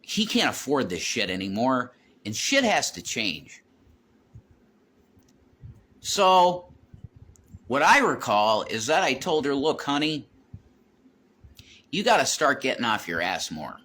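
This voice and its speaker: Guy vlogging off his phone at home, rambly and sweary, talks slow, bright voice. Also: mid-range voice, very animated. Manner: rambling, repeats himself, swears a lot. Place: home, walking around with a phone.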